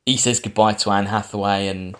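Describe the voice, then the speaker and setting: A man's voice: fairly low pitch, fairly even intonation, a little fast, a bit bright. Man, podcast host, rambly casual film recap. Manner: rambling plot recap with fillers and restarts. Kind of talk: casual film review chat.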